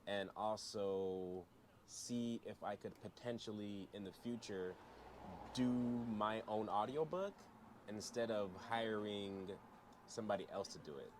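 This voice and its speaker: A man with a lowish voice talks casually and informally about a reading he did. His tone stays easygoing throughout. Clear background noise, like passing traffic, sits behind his voice. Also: a little slow. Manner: relaxed and informal. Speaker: author introducing his reading. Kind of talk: casual spoken intro. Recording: noisy background.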